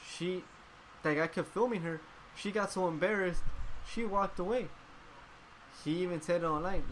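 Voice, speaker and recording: A man with a slightly higher-than-usual voice rants hotly on a casual podcast, swearing freely as he vents. Faint noise sits under the recording. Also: moderate pace, pauses often, low-quality recording. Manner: profane, heated and ranting. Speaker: podcast host. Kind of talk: casual chat.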